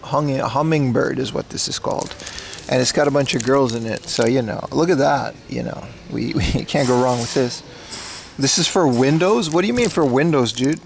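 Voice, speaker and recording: A gravelly, slightly high male voice rambling and joking to his viewers as he browses a secondhand shop. He talks casually into a mobile streaming rig, and a faint shop ambience hums behind him. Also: a little hiss or hum. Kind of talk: casual IRL livestream commentary. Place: indoors in a secondhand electronics shop.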